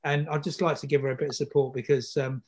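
A man's voice: mid-range voice, level tone, fast talker, a little mellow. A man hosting a podcast, chatty and upbeat with plenty of fillers. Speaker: podcast host. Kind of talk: casual podcast chat.

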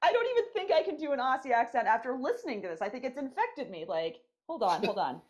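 Female host, teasing, laughing, animated pitch. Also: fast talker. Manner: giggly, teasing, swears. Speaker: podcast host. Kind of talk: casual podcast banter.

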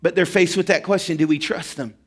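A man's voice: on the high side, steady tone, fairly quick, breathy edge. A man preaching a sermon as pastor, telling a story earnestly and acting out quoted prayers.

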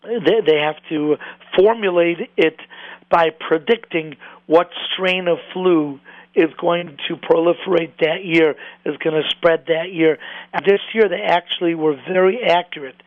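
A man's voice: on the high side, unhurried, no echo, dull audio. A man speaking as a rabbi in a passionate sermon, repeating words and rising when stirred. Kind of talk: impassioned sermon.

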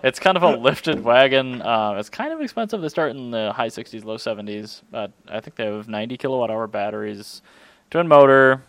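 A man co-hosting a casual car podcast, dry and teasing, firing off quick quips. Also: mid-range voice, animated, no room sound. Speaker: podcast co-host.

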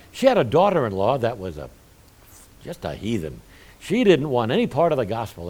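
A man's voice: medium pitch, darkish tone. A middle-aged male pastor preaching a sermon, with folksy asides between his points.

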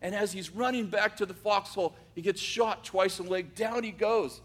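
A man telling a dramatic story, swinging from loud bursts to hushed asides. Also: high-pitched, normal speed.

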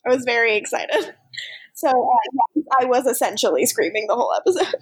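A woman's voice: on the high side, animated, brisk, breathy edge. A woman co-hosting a podcast, animatedly recapping episodes in casual chat and laughing often. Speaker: podcast co-host.

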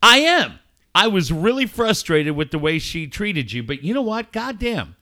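A man's voice: high-pitched, big pitch swings, normal speed, pushed and bright. A man, a sports radio host, joking and ribbing his co-host in casual podcast banter, swearing freely. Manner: joking, mock-emotional, profane.

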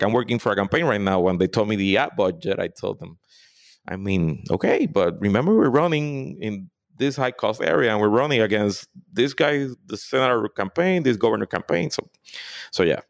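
A man, a political consultant giving emphatic, animated answers in a podcast interview. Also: fairly low pitch, normal speed, vocal fry, dry recording, clean studio sound. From Puerto Rico. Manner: emphatic, animated, repeats for stress.

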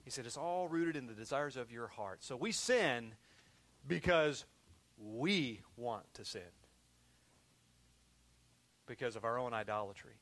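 A man preaching a sermon in a lively, conversational way, acting out people's excuses as he goes. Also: mid-range voice, measured pace, long pauses. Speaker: pastor.

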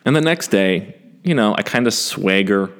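A man in his forties telling a first-person story in a self-deprecating, animated way, with some swearing. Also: lowish voice, normal speed. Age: 40s.

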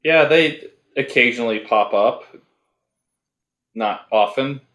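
A man co-hosting a casual comic book podcast, wry and a little halting in his speech. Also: mid-range voice, a bit bright, echoey room. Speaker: podcast co-host.

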